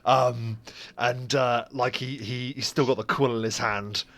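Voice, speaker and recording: A man playing a tabletop game who narrates his character's actions in a slow, rambling way. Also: mid-range voice, steady tone, fairly bright tone. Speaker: player.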